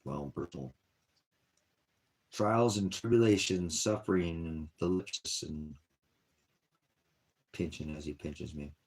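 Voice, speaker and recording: Sighing and wandering from topic to topic, this online ministry host talks wearily about his troubles in a rambling personal vlog. He speaks unhurriedly with long pauses, in a low-pitched, gravelly, husky voice.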